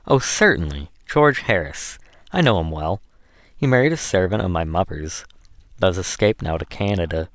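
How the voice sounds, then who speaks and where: A male audiobook reader voicing a frank, earnest young gentleman in a plain, earnest delivery. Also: deep voice, animated, normal speed, no echo.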